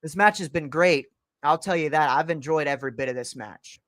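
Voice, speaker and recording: A man with a high-pitched voice, starting to lose it, livestreaming excited play-by-play reactions to a wrestling match from his home computer. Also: brisk, no room sound. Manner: excited play-by-play, calling moves as they happen. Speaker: livestream host. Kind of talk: live wrestling reaction commentary.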